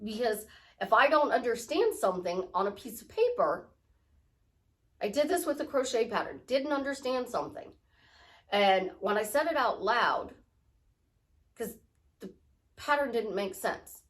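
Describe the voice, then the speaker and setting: A woman's voice: on the high side, very animated, unhurried, pauses often. A woman life coach talking casually to her viewers about prayer, rambling and acting out little dialogues. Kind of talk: casual spiritual talk to camera.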